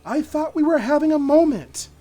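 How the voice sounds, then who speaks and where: A man putting on a sneering storybook villainess who toys with her prey, her voice pitched up high and swooping through mocking, sing-song phrasing. Her taunts bounce lively up and down. Faint music sits underneath. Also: moderate pace, husky. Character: taunting, cruel female villain with playful menace.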